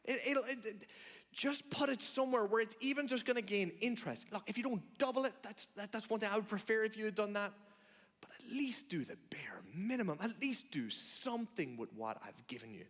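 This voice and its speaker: A man's voice: sits high, expressive, a little fast, a bit bright, pitched above the performer's own voice. A man acting out a stern male master who scolds a servant in a burst of exasperated questions. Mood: exasperated scolding. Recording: long hall reverb.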